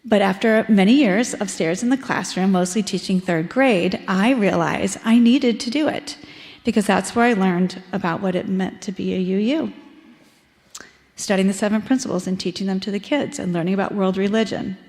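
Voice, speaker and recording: A woman's voice: mid-range voice, normal speed, darkish tone. A woman in her forties from Ohio giving a personal testimony in a church service, conversational and reflective with frequent ums. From Ohio, USA. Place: church sanctuary. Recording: echoey church hall with long reverb.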